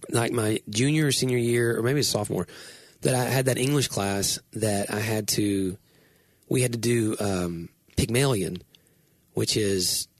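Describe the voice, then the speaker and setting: Husky male pastor, casual chatty storyteller, pokes fun at himself, dry room. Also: on the low side, a little slow, no room sound. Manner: animated, self-deprecating, rambling storyteller. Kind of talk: casual chat.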